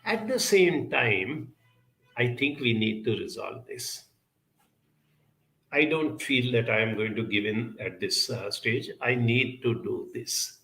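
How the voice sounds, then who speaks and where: Brief: male self-help speaker, gravelly and bright-toned, measured and earnest, echoey room. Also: mid-range voice, expressive. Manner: measured, earnest, many pauses and fillers. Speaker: self-help speaker answering viewer questions. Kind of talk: reflective talk.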